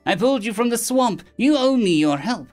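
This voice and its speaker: A man voicing an angry, vengeful young girl who hunts vampires, speaking in a raised, high voice. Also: sing-song, fast, faint music behind. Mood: frustrated.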